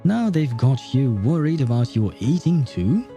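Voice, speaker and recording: Dude reading as a sweet old granny, coaxing, mellow low voice. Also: male voice, very animated, unhurried, faint music behind. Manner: gentle, coaxing. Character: kindly old grandmother.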